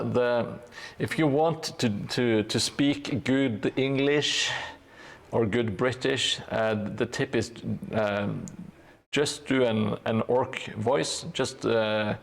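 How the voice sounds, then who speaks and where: Male hobby streamer, unhurried and hesitant delivery with a dry joking manner, gravel in the voice. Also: medium pitch. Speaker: live streamer building a tabletop gaming board. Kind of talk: casual live-stream chat while painting.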